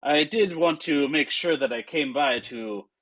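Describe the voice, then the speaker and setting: A man doing a slow, silky vampire count. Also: fairly high pitch, a bit bright, pitched above the performer's own voice. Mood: courtly menace. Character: suave, menacing aristocratic male vampire count.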